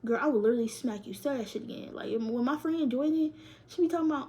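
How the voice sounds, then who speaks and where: A woman's voice: high-pitched, quick pace, mellow. A young woman, doing a casual tarot reading in loose, profane slang and laughing often. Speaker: tarot reader.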